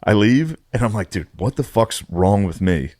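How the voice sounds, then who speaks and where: A young man in casual podcast chat, telling an animated, profane anecdote and acting out what people said. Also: fairly low pitch, normal speed. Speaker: podcast storyteller.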